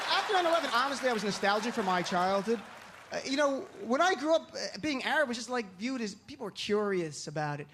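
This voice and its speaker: Guy doing standup, pretty high voice, punchy and animated, loud audience noise all around. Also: fast, crowd noise. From Lodi, New Jersey. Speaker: stand-up comedian. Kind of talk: stand-up comedy. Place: comedy stage. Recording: live venue with audience noise.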